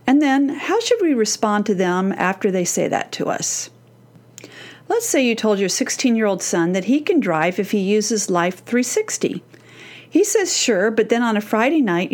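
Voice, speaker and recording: A middle-aged woman hosting a podcast lesson as a parenting coach. She speaks at a mid pitch in an earnest, emphatic manner. She slows down to stress key phrases. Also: darkish tone. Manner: earnest and emphatic, slowing down to act out quoted teens.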